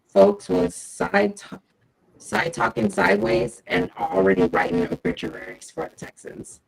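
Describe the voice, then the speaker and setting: A woman's voice: medium pitch, vocal fry, low-quality recording. A woman hosting a casual podcast segment, telling a game recap in upbeat, slangy storytelling. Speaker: segment host, team fan.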